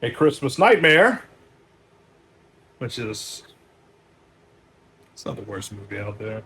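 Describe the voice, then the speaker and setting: A man running casually through a stack of movies as a store owner, loose and profane, with many fillers and sudden louder bursts on each title. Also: mid-range voice, sing-song, takes it slowly.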